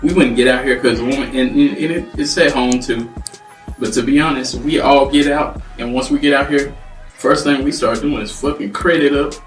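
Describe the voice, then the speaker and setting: A man's voice: medium pitch, steady tone, moderate pace. A man co-hosting a podcast, chatting casually and telling stories, acting out the voices of the people he quotes. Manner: storytelling, acts out quoted voices. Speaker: podcast co-host. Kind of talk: casual chat. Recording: roomy, distant mic, faint music.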